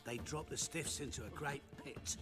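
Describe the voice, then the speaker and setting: An actor playing an old male prisoner in a video game, telling how he escaped in a calm, matter-of-fact way. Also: medium pitch, normal speed, close to an everyday voice. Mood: recounting. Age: older. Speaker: game character. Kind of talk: game cutscene dialogue. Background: game music.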